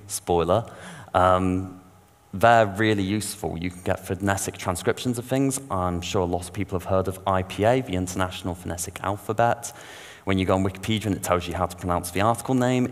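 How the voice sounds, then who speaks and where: A man giving a technical conference talk, explaining in a casual, informal way with slang asides. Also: low-pitched. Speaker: conference speaker. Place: conference hall. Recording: long reverb of a large hall.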